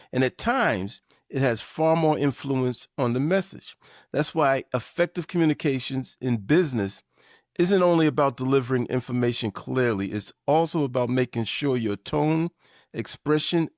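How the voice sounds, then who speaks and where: A man hosting a business lesson, delivering a scripted talk with measured, emphatic shifts in inflection. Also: medium pitch, dry recording, studio quality. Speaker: podcast host.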